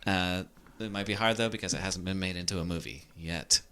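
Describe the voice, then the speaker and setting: A man's voice: low-pitched, fairly even intonation, sharp tone, clear, resonant tone. A young man hosting a podcast game, joking and teasing in casual banter. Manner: joking, teasing, quick asides. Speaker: podcast host running a game.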